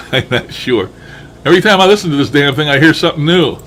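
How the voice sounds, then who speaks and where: Talking fast in a high-leaning, lively voice with music behind him, the paranormal enthusiast muses over his recordings as they play. He chuckles often and drops the odd mild curse.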